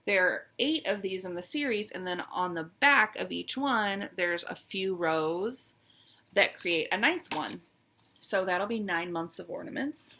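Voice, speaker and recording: A cross-stitch vlogger with a mid-range, bright voice talks animatedly at a measured pace, her tone forceful. She chats casually while showing off her stitching projects, sounding fond and a little wistful, with lots of "um"s.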